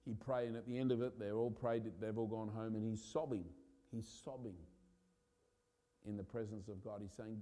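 A man, a pastor, preaching a sermon with impassioned urgency that builds to loud peaks. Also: on the low side, steady tone, normal speed.

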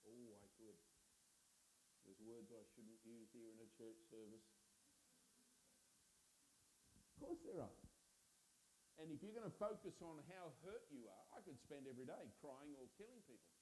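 Male preacher, warm slightly raised voice, emphatic chatty sermon, reverberant hall. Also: mid-range voice, lively intonation, normal speed, pauses often, a little hiss or hum. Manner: conversational, emphatic, asks the congregation to respond. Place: church.

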